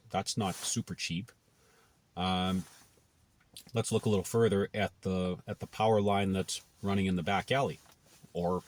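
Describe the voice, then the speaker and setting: A man from Canada talking casually to camera, thinking aloud with many restarts and okays. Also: low voice. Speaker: blogger.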